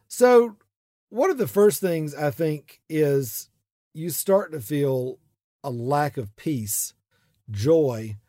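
A man's voice: mid-range voice, warm tone, no echo. Chatty male podcast host, dry sound. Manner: chatty, lots of fillers and restarts. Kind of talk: casual podcast talk.

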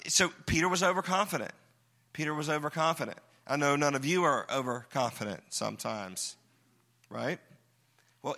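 A man preaching a sermon to a congregation, animated and joking as he acts out quoted lines. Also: fairly high pitch. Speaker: pastor.

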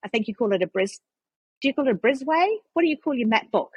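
Chatty New Zealand woman guest, husky low voice, dry close sound. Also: animated, quick pace, no room sound, highs cut off. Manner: chatty storyteller with frequent restarts and laughs. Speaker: guest, charity CEO. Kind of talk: casual conversational interview.

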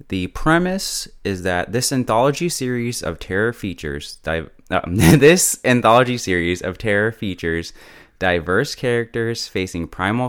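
A man casually recapping a TV episode beat by beat, chatty and quick to joke and laugh. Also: lowish voice, smooth. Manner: chatty, laughs often, quips. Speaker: show reviewer.

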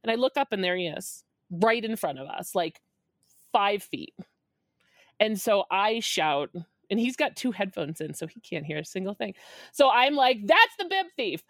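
A woman in her forties, a podcast guest, telling a story in a lively, laughing way and acting out the quotes. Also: normal speed, no echo, clean studio sound. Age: 40s. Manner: lively, laughing, acts out quotes with big pitch jumps. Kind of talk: animated storytelling.

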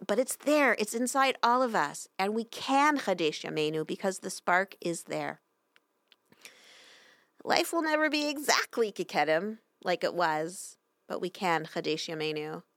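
Casting: woman rabbi, middle-aged, low-ish voice, sermon delivery, dry close sound. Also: gravelly, dry recording. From Canada. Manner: storytelling, expressive voices for quoted angels. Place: synagogue sanctuary.

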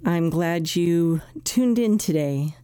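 A woman's voice: on the low side, expressive, takes it slowly, warm tone. A woman hosting a psychology podcast, explaining in a plain conversational way with everyday examples. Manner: explains plainly with everyday examples, acting out anxious self-talk. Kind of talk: conversational talk.

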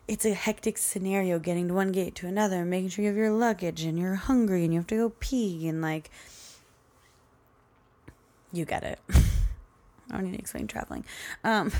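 A woman's voice: medium pitch, darkish tone. A young woman hosting a podcast, telling a story in a chatty, rambling way and laughing often. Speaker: podcast host. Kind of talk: casual solo podcast storytelling.

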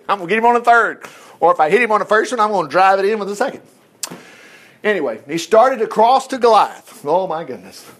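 Lively, high-voiced man preaching. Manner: animated storytelling, acts out quotes, chuckles often. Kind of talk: sermon.

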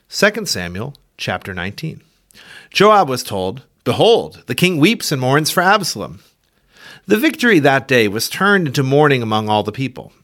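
Man, scripture reading, fairly high voice, animated pitch, expressive delivery. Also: moderate pace. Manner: expressive reading, raises pitch for quoted speech. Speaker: Bible reader.

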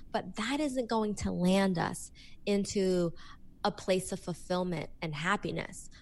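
A woman who works as a workplace coach, speaking in a podcast interview in an animated, expressive way and acting out examples. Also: lowish voice, creaky.

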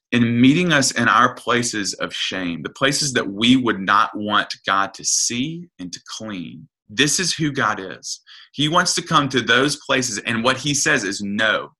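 A man preaches in an easy, conversational way, his fairly low voice carrying a very bright, forceful edge. He retells a story earnestly, stumbling and restarting as he goes, then presses his point home. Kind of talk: conversational sermon.

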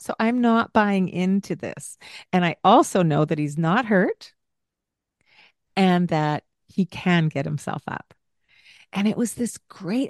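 A woman's voice: lowish voice, no room sound, clean studio sound. A woman hosting a parenting podcast, telling a story from her time caring for a young child and acting out what each of them said. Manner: animated, acts out what she and the child said. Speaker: podcast host and childcare provider. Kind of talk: casual storytelling with parenting advice.

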